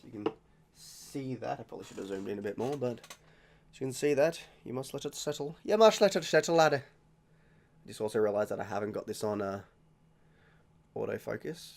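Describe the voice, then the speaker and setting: With a mid-range voice, some vocal fry, and a slightly mellow quality, a young Australian man hosts his beer-tasting vlog against slight background noise. He chats casually and rambles, repeatedly correcting himself as he tastes beers.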